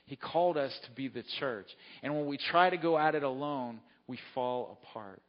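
A man delivers a sermon in an easy, conversational manner, pausing to check in with his listeners as he tells a story. His voice sits in a middle pitch and rings with a long hall reverb. The recording sounds dull and lo-fi. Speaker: preacher.

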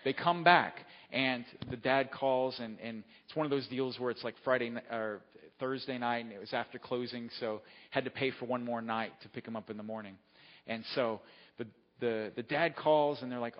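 A man's voice: medium pitch, moderate pace. A man preaching a sermon, telling a story in a conversational way and often checking in with his listeners. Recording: dull lo-fi sound with long hall reverb.

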